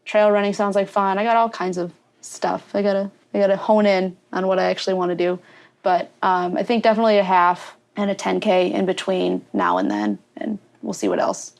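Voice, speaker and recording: A woman's voice: mid-range voice, a little fast, gravelly, darkish tone. A young woman guest in a podcast interview, chatty and laughing often as she acts out her own thoughts. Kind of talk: casual storytelling interview.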